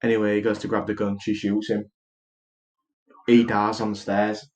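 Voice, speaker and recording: Guy on a podcast, lowish voice, rambling with loads of ums and restarts, casual chat. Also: completely flat delivery, normal speed, a little mellow, rough recording. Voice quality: rambling with many fillers and restarts. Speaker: podcast co-host. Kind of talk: casual chat, retelling a film plot.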